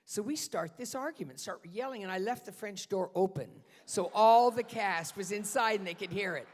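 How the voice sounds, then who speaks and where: A woman's voice: mid-range voice, normal speed. A woman telling a chatty, self-mocking anecdote live on a theater stage, with hesitant restarts. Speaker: guest storyteller at a benefit concert. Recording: long reverb of a concert hall.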